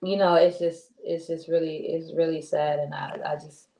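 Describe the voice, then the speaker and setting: A woman's voice: sits low, level tone, normal speed, creaky, dark tone. Chatty woman, echoey room. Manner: chatty, rambling, restarts often. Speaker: co-host. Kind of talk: casual chat show talk. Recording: roomy echo.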